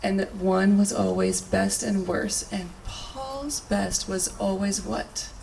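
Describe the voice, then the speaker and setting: A woman giving a short, playful toast to friends, with quick asides. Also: medium pitch, vocal fry, a little mellow, slight background noise. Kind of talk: brief humorous toast. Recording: distant mic with faint ambience.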